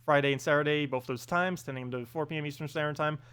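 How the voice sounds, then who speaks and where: A man's voice: fairly high pitch, steady tone, fast, fairly bright tone, clean tone. A man streaming a game live, chatting casually and playfully, often breaking into laughter. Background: game music.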